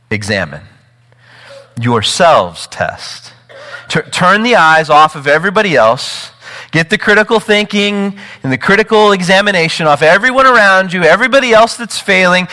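A man preaching a sermon with emphatic, animated delivery, often repeating words and building to urgent peaks. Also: high-pitched, in a large hall, rough recording. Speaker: pastor.

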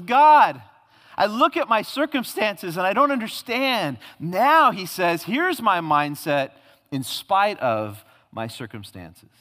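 A male pastor preaching a sermon, emphatic, swinging from loud declarations to hushed tones. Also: high voice. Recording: long hall reverb.

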